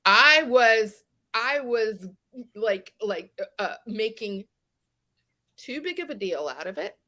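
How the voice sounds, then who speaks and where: A woman from West Virginia tells a story on a podcast, slowly and with animation. Her voice sits a little high and sounds bright and sharp. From West Virginia, USA. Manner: animated storyteller, acts out quoted exchanges. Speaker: guest. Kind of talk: podcast conversation.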